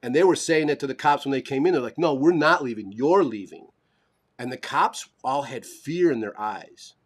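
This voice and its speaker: A man's voice: mid-range voice, normal speed. A man co-hosting a live stream, telling a long story in casual chat, swearing and acting out the people he quotes. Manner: animated, swearing, acts out quoted voices. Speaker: podcast co-host.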